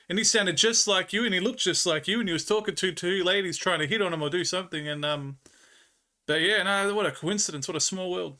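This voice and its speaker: Bright-voiced Australian man chatting on stream. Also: sits high, a little fast. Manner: rambling storyteller, laughs often. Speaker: livestreamer. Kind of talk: casual chat with viewers.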